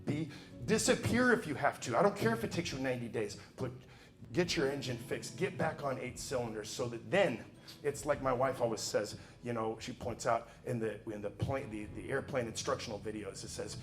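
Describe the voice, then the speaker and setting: A man in the middle of a motivational speech on stage, with a voice of ordinary middle pitch for a man. He preaches emphatically, slipping into hushed asides and then climbing to loud, driving calls. Faint music sits behind him. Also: brisk. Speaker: motivational speaker.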